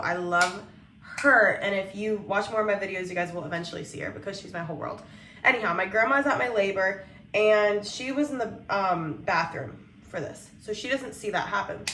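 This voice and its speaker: A woman's voice: medium pitch, a bit bright, distant mic, slight background noise. A young woman vlogger telling a personal story in a rambling, emotional way, with lots of fillers and restarts. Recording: echoey room, voice off-mic.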